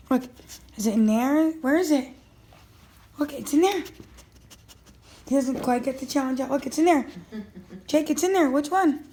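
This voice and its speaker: A woman's voice: sits high, normal speed, long pauses, warm tone, a little hiss or hum. A woman filming her dog at home, narrating casually and coaxing him with eager, encouraging talk. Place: at home, indoors.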